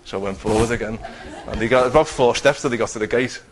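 A man with a medium-pitched voice talks fast, sharing a personal faith testimony in a conversational style. He acts out what he and others said and restarts his sentences often. The recording is rough, with slight background noise.

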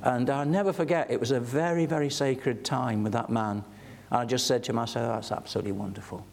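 A man's voice: mid-range voice, brisk. An older man preaching a sermon, telling stories earnestly and building to fervent emphasis.

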